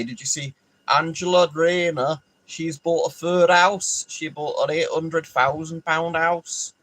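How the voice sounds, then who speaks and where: A man chats loosely on his live stream, drifting between subjects with plenty of fillers and the odd swear word. His voice sits at an ordinary middle pitch, and he reacts to viewers' comments by name as he goes. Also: breathy edge, low-quality recording. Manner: rambling, swears freely, answers chat by name. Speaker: livestream host. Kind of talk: casual live chat.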